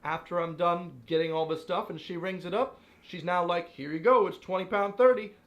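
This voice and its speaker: A man in his twenties chats about life abroad with a fairly high voice. He tells his stories animatedly, with a playful, exasperated edge. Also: fairly quick, fairly bright tone. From United States. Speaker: vlogger. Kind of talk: casual commentary.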